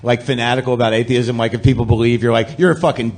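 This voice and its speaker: A man's voice: medium pitch, fairly even intonation, quick pace, a little mellow. A male podcast host with a mid-range voice keeps a casual chat going. He follows up with wry, probing questions.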